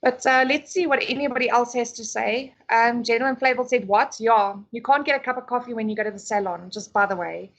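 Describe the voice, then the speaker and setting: A woman vents in a casual podcast chat, her high voice sharp with exasperation. She swears freely and sounds fed up, talking as a frustrated beauty therapist. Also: a little fast, few pauses. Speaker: podcast co-host.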